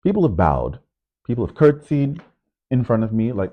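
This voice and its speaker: A man vlogging in a rambling, animated way, nervous on camera, who keeps jumping into sudden high, loud bursts. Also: moderate pace. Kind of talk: casual vlog monologue. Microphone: microphone. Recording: narrow phone-like sound.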